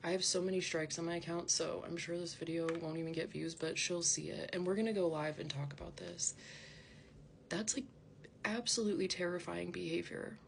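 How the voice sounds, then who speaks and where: A woman's voice: on the low side, steady tone, a little fast, gravelly, slight background noise. A woman vlogger ranting to camera, indignant and defensive, her talk full of "like" fillers.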